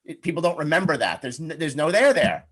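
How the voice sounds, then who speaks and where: A man's voice: fairly high pitch, big pitch swings, fairly quick, a bit bright. A middle-aged man giving a webinar on networking, talking in a chatty, upbeat way and acting out sample questions. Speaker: webinar presenter, networking coach. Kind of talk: conversational webinar talk.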